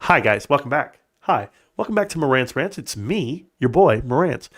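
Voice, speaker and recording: A man's voice: medium pitch, very animated, normal speed. A man doing a mocking impression of a smug male finance YouTuber, upbeat and salesy. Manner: upbeat, salesy, mock-cheerful.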